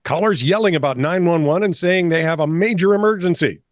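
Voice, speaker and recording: A man's voice: sits high, a little fast, dry recording, clean studio sound. A man co-hosting a comedic news podcast in casual banter, giggling often and playful. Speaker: podcast co-host.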